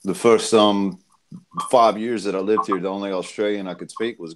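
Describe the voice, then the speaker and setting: Crude low-voiced man. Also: normal speed. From United States. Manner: crude, swears freely, animated storytelling. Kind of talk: casual chat on a group stream.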